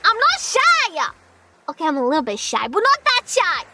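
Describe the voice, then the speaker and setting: A woman's voice: very high voice, huge pitch swings, moderate pace, pushed and bright, slight background noise, low-quality recording. A young woman streaming and chatting casually with viewers, playful and self-deprecating, with frequent giggles. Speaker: streamer, part-time voice actor. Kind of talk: casual live-stream chat.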